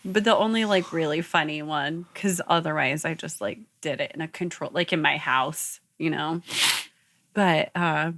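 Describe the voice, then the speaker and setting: Low-voiced woman rambling through a story. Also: moderate pace, fairly bright tone. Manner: rambling, lots of "like" fillers, laughs while telling stories. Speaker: podcast co-host. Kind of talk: casual chat.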